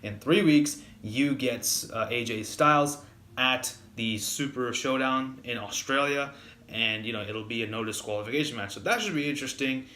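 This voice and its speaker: A man's voice: mid-range voice, normal speed. Chatty man reviewing wrestling, echoey room. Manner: rambling, many fillers and restarts; gets heated and louder when annoyed. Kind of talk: casual spoken review.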